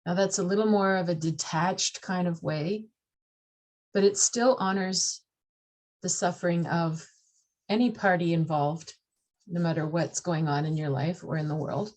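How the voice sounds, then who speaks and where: A woman's voice: on the low side, steady tone, measured pace, darkish tone. A woman explaining astrology in a casual talk, acting out the voices of the signs and laughing at herself.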